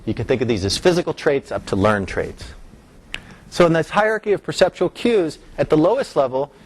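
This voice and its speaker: A man's voice: a little high, lively intonation, brisk, slight background noise. A middle-aged man giving an academic lecture, explaining step by step and lifting his voice on key terms. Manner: explanatory, rising emphasis on key terms, some restarts.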